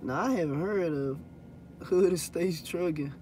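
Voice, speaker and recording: Man, trucker vlog chat, high-pitched voice, faint hum behind. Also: a little slow, mellow. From Louisiana. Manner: loose and rambling, swears when annoyed. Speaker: hotshot truck driver. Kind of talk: casual vlog chat answering viewers.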